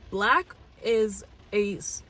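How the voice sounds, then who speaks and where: A woman's voice: medium pitch, drawn-out words, sharp tone. A young American woman hosting a reaction channel, talking to camera in a casual, earnest, gushing way and thinking aloud with restarts. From United States.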